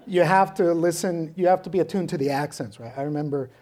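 A man from Mexico City hosts an interview in a mellow, somewhat high voice. He asks curious questions and often closes them with "right?". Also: fast. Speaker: interviewer, host. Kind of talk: radio interview.

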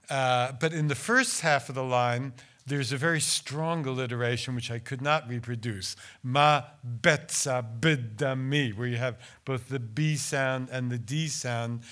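A man's voice: medium pitch, sharp tone. An older man, a translator, giving a talk about his translations, hesitant and full of restarts while explaining. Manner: hesitant, stammering restarts in explanation, measured and declamatory when reciting. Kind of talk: lecture with poetry reading.

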